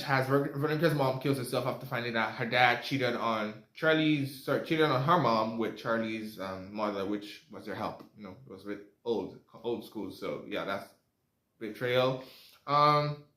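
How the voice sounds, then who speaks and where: A man's voice: medium pitch, a little slow, fairly bright tone. A young man giving a casual, rambling movie review, full of fillers and asides. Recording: echoey room.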